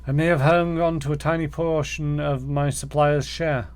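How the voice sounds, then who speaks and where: A man's voice: on the high side, flat delivery, normal speed, smooth, close to an everyday voice. A man voicing a frightened, beaten captive who pleads nervously for help, read aloud from a game.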